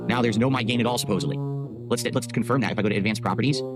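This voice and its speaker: A man's voice: medium pitch, rapid-fire, loud music behind the voice. A man streaming live, tinkering with his mic settings and defending how his voice sounds. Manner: fussing over audio settings, defensive. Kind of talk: casual livestream chat. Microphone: XLR streaming mic.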